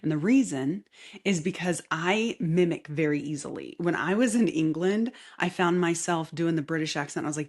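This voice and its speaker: A woman hosting a casual solo podcast with a light Southern accent, chatty and rambling, often laughing and dropping into soft asides. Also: deep voice, moderate pace, husky. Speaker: podcast host. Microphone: camera mic facing the speaker.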